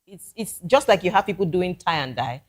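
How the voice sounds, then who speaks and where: A woman's voice: on the low side, expressive, fairly quick. A woman with a Nigerian accent, a guest musician in a casual talk show chat, speaking earnestly and giving advice with frequent restarts.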